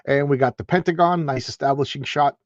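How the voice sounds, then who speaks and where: A man's voice: fairly high pitch, brisk, no echo, highs cut off. A man hosting a casual comic book review, talking in a rambling, enthusiastic way with many restarts and asides. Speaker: comic book show host.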